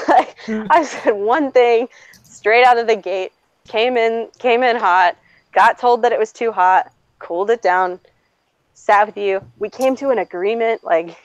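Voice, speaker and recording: A streamer host with a voice on the high side tells a story a little slowly in casual chat, cursing freely, speaking bluntly, and laughing frequently. The dull lo-fi recording is dry, with no echo.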